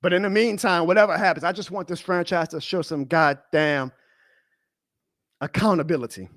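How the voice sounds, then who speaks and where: Male stream host, high voice, heated profane rant, dead-dry sound. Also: normal speed, no echo. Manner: profane, heated ranting, swings to shouting. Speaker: fan show host.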